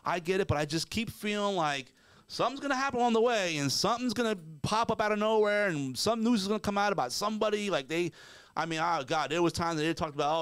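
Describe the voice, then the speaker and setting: A man's voice: fairly high pitch, expressive, fast talker, a bit bright, clean tone, dry recording. A man co-hosting a podcast, ranting emphatically and with profanity, acting out mock quotes as he goes. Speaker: podcast co-host. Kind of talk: casual ranting commentary.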